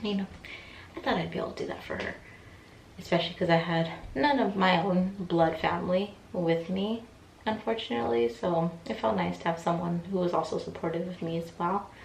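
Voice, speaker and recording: A woman's voice: fairly low pitch, fairly quick, gravelly, distant mic, a little hiss or hum. Chatty young woman in an echoey room. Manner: chatty, many fillers, acts out quoted voices. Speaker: vlogger. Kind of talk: casual storytime. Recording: echoey room, voice from off mic, faint ambience.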